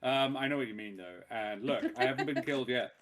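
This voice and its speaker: A man's voice: mid-range voice, a little fast, fairly bright tone. A man, a tabletop game player, chatting casually before a session, rambling and joking and laughing often. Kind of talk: casual pre-game chat.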